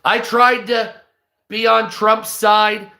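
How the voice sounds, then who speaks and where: A man's voice: high-pitched, flat delivery, slow pace, gravelly, pushed and bright, roomy sound. A stoned man reading news aloud on a live stream, breaking off into profane, hostile, sarcastic rants.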